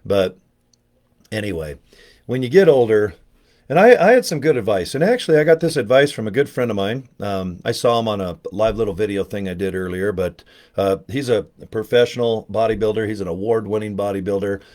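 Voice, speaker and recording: A man's voice: lowish voice, animated, fairly quick, darkish tone. An older man talking in a casual, rambling vlog, joking and chatty with a self-deprecating streak. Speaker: network marketing promoter.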